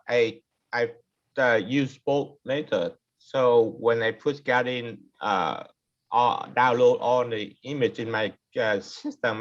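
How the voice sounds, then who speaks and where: A man in a club video call who speaks hesitantly, with many pauses and uh's. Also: mid-range voice, a little hiss or hum. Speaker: club member. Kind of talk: casual Zoom meeting chat. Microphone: computer mic on a video call. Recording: dull lo-fi video call audio.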